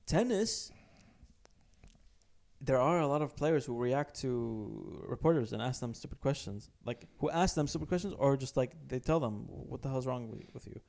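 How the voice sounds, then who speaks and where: A man's voice: mid-range voice, expressive, moderate pace, vocal fry, a little mellow. A man in casual, bantering sports chat on a podcast, laughing often and putting on mock voices. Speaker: podcast co-host.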